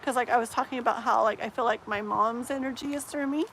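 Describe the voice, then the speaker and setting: A woman chatting casually on a live stream as a tarot reader, rambling and often sinking into soft murmurs. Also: fairly high pitch, fast talker, background noise.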